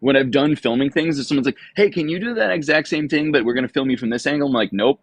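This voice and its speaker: A man hosts a science livestream, talking fast in a slightly husky voice. His rambling chat is full of laughs and restarts. The sound is dry and close, with almost no room echo. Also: mid-range voice. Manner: quick, rambling talk with frequent laughs and restarts. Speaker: host of a mushroom science channel.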